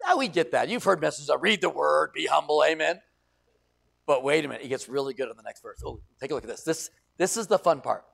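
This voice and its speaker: Gravelly folksy preacher man. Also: mid-range voice. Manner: folksy storytelling preacher with quick asides and restarts. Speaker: pastor. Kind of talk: sermon.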